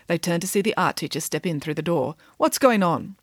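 A woman's voice: sits low, fast talker, husky, no echo, studio quality. A woman reading a children's storybook aloud expressively.

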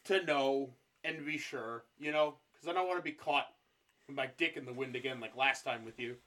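A man's voice: mid-range voice, normal speed, a bit bright. A man co-hosting a podcast, telling a history story in casual chat, joking, swearing a lot and laughing often.

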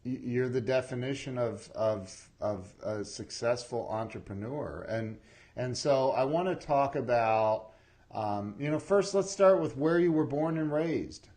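Slow, halting man hosting an interview. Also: mid-range voice, darkish tone. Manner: halting, repeats words, many fillers. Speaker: podcast host. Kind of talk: casual interview chat.

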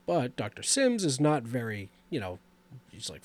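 A man's voice: medium pitch, huge pitch swings, moderate pace, a little mellow. A man casually retelling a horror movie's plot in a loose, rambling way with lots of fillers. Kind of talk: casual movie recap chat.

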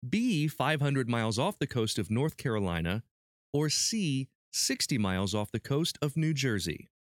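A man hosts a podcast quiz in a playful way, reading each question slowly and clearly. His voice sounds dry and close to the mic, with no room sound around it. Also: mid-range voice, very animated, no room sound. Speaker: podcast host running a quiz. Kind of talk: casual podcast chat.

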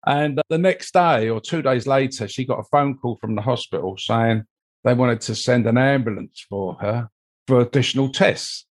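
An older man who works as a mold investigator, interviewed as a guest, tells a drawn-out, rambling personal story and fills it with "you know." His voice is medium in pitch at a normal speed.

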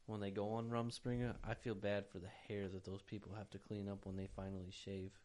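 A man co-hosting a podcast, talking in blunt, low-key, swearing casual banter. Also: little pitch movement, brisk, a little mellow. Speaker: podcast co-host.

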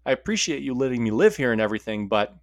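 A man's voice: mid-range voice, big pitch swings, fast, dry recording, studio quality. A man voicing a tired, annoyed male cave monster who grumbles in a weary, put-upon way. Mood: grumbling.

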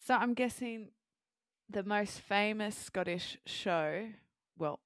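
A woman hosting a show who explains English words clearly and then interviews a guest. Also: medium pitch, dry recording, clean studio sound. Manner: clear, measured teaching delivery. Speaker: host and English teacher.

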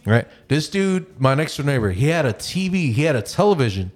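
A man hosting a podcast and telling a long, animated story, swearing freely and acting out the voices of the people in it. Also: mid-range voice, a little fast. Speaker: podcast host. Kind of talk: casual storytelling.

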